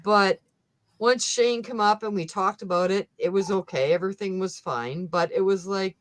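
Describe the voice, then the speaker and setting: A woman's voice: mid-range voice, normal speed, rough recording. A woman chatting casually on a live stream, blunt and profane, laughing often. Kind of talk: casual chat.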